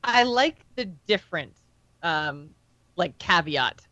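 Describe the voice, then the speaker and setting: A woman co-hosting a podcast with a bright, sharp voice. She laughs easily and trails off with ums. The recording is dry and slightly muffled. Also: on the low side, animated, no room sound. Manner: quick, laughing, hesitant with ums. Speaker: podcast co-host. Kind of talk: casual podcast discussion.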